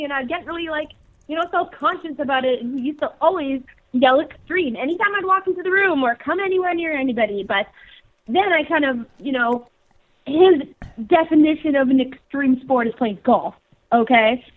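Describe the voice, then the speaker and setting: A Canadian woman co-hosting a casual radio show, energetic and slangy, laughing easily. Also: high voice, a little fast. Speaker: co-host. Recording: tinny phone line.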